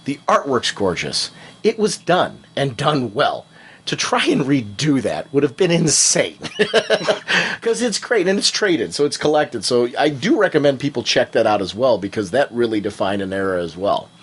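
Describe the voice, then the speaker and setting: A man's voice: mid-range voice, sing-song, moderate pace, husky. A man co-hosting a podcast in casual chat, speaking emphatically and with conviction. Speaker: podcast co-host.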